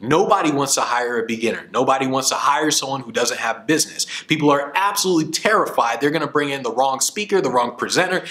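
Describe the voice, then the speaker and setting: A man's voice: mid-range voice, animated, quick pace, few pauses, a bit bright. A man talks in a casual, earnest way about how a speaker can come across as in demand. He often repeats a word as he restarts a thought, and he keeps the tone of friendly coaching. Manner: storytelling, acts out voices in quotes. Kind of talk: casual advice talk.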